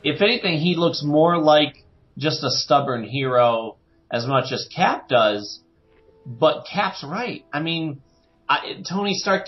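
A man in casual podcast chat with a slightly high voice that moves up and down a lot. He acts out other people's words in exaggerated voices. The audio is lo-fi and dull, with faint music behind it. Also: expressive, takes it slowly. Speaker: podcast co-host.

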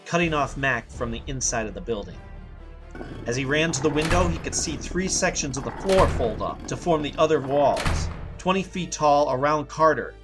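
Man narrating over soft music. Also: on the high side, expressive, normal speed. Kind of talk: scripted story narration.

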